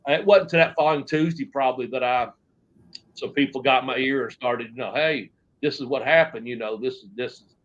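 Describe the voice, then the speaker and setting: A man's voice: medium pitch, fairly quick, fairly bright tone, lo-fi sound. A man, a former wrestler telling stories in a long interview, rambling and swearing as he goes. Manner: rambling, profane, trailing off into restarts. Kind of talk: shoot interview storytelling.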